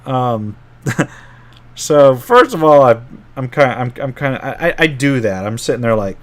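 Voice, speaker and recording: A man's voice: medium pitch, moderate pace. Middle-aged guy rambling through an old tabletop game story, keeps correcting himself, plain mid voice. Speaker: game master.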